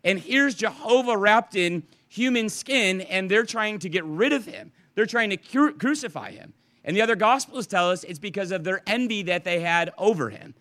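A man's voice: sits high, normal speed. A man, a pastor, preaching a verse-by-verse evening sermon in an earnest, conversational way. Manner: conversational, earnest, animated with restarts.

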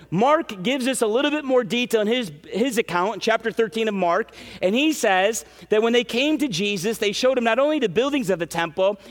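A man preaching a sermon as pastor, earnest and emphatic, with quick asides and restarts. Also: very high voice, in a large hall. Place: church sanctuary.

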